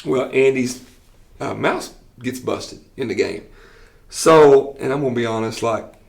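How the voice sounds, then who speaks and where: Gravelly man telling stories. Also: mid-range voice, measured pace. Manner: animated storyteller who acts out quotes with laughs. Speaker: football coach and teacher. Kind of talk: telling stories in a podcast interview.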